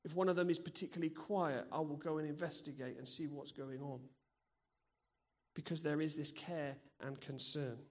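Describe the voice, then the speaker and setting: A man's voice: on the high side, fairly even intonation, normal speed. A middle-aged man preaching in a church, earnest and personal, sharing stories from his own life. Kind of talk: sermon.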